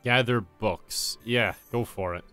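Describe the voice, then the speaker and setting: A man's voice: fairly low pitch, slow pace, pushed and bright, smooth, faint music behind. A young man in his twenties giving joking, sarcastic commentary while playing a game. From Ireland. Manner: sarcastic, joking, laughs at himself. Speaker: gaming YouTuber. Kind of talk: comedic let's-play commentary.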